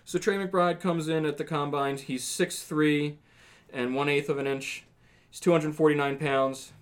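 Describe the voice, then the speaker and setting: A man's voice: a little high, fairly even intonation, unhurried. A man hosting a casual sports podcast, talking things through in long, rambling runs with restarts. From not from the South. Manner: rambling, thinks aloud with restarts. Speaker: podcast host.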